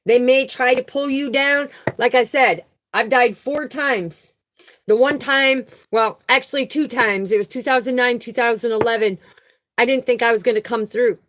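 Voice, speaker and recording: A woman spiritual vlogger gives an earnest, emphatic talk and shares a personal testimony in a casual style, often repeating herself for emphasis. Her fairly high, fairly bright voice stays steady at normal speed, on a low-quality recording with a little hiss or hum.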